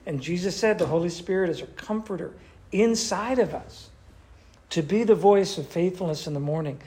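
A man's voice: sits high, expressive, moderate pace, dark tone. An older man, a pastor, teaching a church class in a conversational way and asking the group questions.

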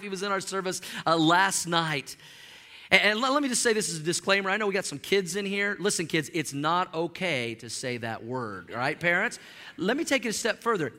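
High-voiced pastor preaching in a reverberant hall. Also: male voice, bright, forceful tone. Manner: emphatic preaching with call-and-response to the congregation. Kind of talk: sermon.

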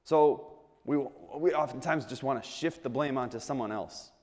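A man preaches in a relaxed, conversational way, often asking his listeners rhetorical questions and repeating words as he restarts a phrase. His voice sits at an ordinary male pitch. Long reverb fills the large hall around him. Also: moderate pace. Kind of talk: sermon.

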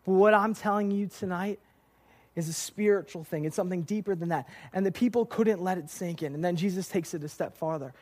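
A man's voice: high-pitched, brisk. A young man preaching a casual youth sermon, telling stories with lots of filler words. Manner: lively storytelling with filler words. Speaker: youth pastor.

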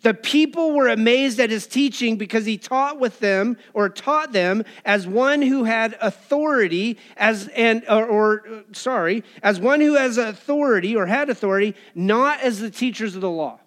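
A man preaching a sermon in a lively, casual way, acting out quoted voices with colloquial asides. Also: extremely high pitch, moderate pace, few pauses. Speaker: pastor.

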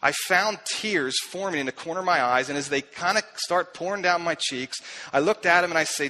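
A man, a pastor, telling a personal story in a sermon, earnest and confessional, growing soft and quiet when he recalls what was said. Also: a little high, brisk, low-quality recording.

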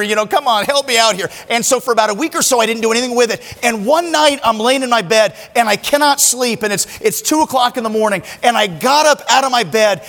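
High-voiced pastor preaching in a reverberant hall. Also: male voice. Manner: storytelling with wide swings from soft to loud. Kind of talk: sermon.

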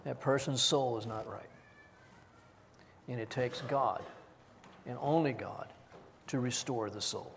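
A man's voice: medium pitch, takes it slowly, vocal fry, pauses often, a little hiss or hum. A man preaching a sermon as pastor, earnestly reading scripture aloud and stressing single words. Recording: long hall reverb.

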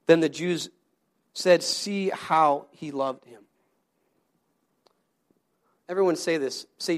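High-voiced male pastor preaching. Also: slow, pauses often. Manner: conversational, repeats words, asks the congregation questions. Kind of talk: sermon.

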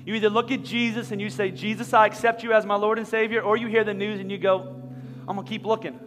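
30s pastor guy, high voice, gets loud and animated, big echoey church hall. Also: quick pace. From Philadelphia, USA. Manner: animated, rising to near-shouting. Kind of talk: sermon with a personal story. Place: large church auditorium. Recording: long hall reverb, faint music.

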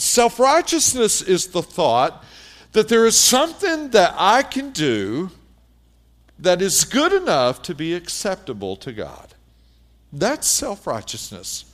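A man preaching a sermon, emphatic, repeating key phrases and speaking directly to the congregation. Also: on the high side. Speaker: pastor.

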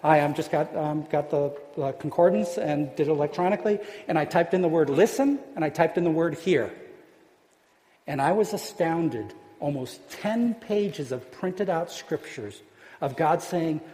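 A man preaching a sermon as pastor, earnest and emphatic, dropping to hushed tones at key points. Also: on the high side, expressive, moderate pace, slight background noise. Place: church sanctuary. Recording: long hall reverb.

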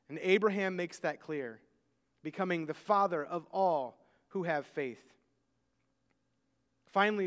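A man in his thirties preaching a sermon, conversational, often repeating words as he starts sentences. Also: sits high. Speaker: pastor. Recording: long reverb of a large hall.

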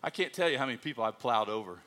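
A man's voice: medium pitch, very fast, a little hiss or hum. A man, a missionary pastor telling folksy, humorous stories in a sermon at church. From United States. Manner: animated, folksy storytelling with self-deprecating humor.

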